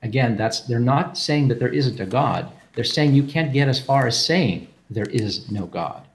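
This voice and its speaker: A man's voice: mid-range voice, animated, normal speed, gravelly. A man explaining philosophy in a casual group talk, thinking aloud with restarts and repeated words over an online call.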